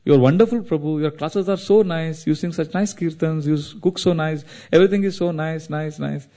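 A flattering man gushes praise softly and slowly, played by a male preacher. His voice stays light and fairly high. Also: natural voice. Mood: gushing. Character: flattering devotee man, gushing.

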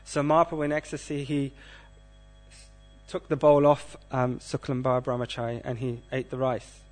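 A man giving a scripture class, speaking in a measured way and asking the audience questions. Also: mid-range voice, flat delivery, faint music behind.

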